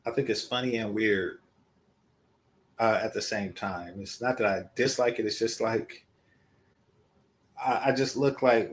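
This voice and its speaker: A man hosting his own channel, giving casual, rambling commentary with many pauses and restarts. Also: fairly low pitch, a little hiss or hum. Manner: hesitant, many ums and restarts. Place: indoors in California.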